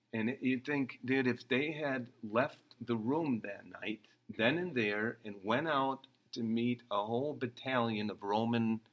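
Guy preaching a sermon, chatty and casual, mid-pitched voice, acts out the quotes. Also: a bit bright, low-quality recording. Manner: conversational, acts out quoted lines. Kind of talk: expository sermon.

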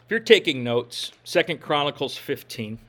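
A man's voice: on the high side, big pitch swings, normal speed, a bit bright. A man from Minnesota preaching a sermon, reading scripture aloud and adding casual asides. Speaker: pastor.

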